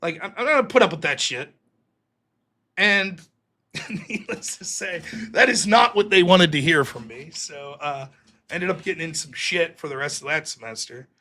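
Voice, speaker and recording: Speaking at a moderate pace in a slightly high voice, a live stream host in his thirties works through a long personal story. It's profane and animated, with plenty of acted-out quotes.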